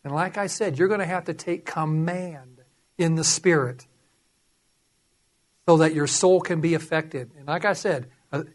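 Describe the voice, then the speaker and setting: High-voiced male preacher. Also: unhurried, pauses often. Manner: animated, acts out voices. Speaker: pastor. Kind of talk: sermon.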